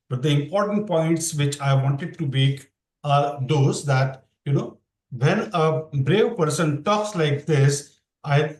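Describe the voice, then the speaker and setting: A man's voice: fairly high pitch, a little mellow, reverberant, rough recording. A man teaching a scripture class online, explaining verses and asking his students questions. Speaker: Bhakti yoga teacher.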